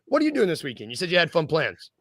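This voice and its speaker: High, bright-voiced man rambling on a podcast. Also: wildly swooping pitch, no echo. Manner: rambling, self-deprecating, quick jokes. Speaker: podcast co-host. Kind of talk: casual sports podcast chat.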